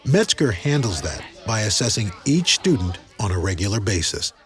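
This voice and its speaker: A man narrating a documentary segment in a clear, explanatory scripted delivery. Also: fairly low pitch, sing-song, moderate pace. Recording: loud background music.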